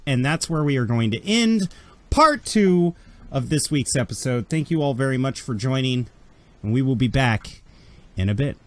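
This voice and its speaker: A man's voice: medium pitch, moderate pace, slight background noise. Man laughing through a game narration. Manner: lively, laughing storyteller. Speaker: game master.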